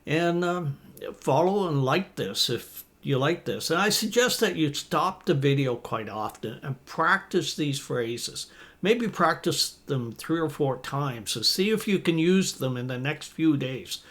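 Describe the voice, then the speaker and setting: A man in his fifties teaching business English phrases to camera, reading example lines slowly and deliberately in an encouraging tone. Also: on the high side, lively intonation, fairly bright tone.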